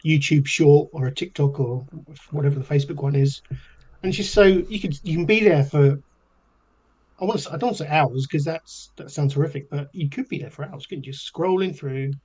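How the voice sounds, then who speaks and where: A man's voice: on the high side, fairly quick, a little mellow, breathy edge, lo-fi sound. A man co-hosting a casual podcast, easygoing and asking the guest questions. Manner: easygoing, asks questions, agrees with short fillers. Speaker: podcast co-host.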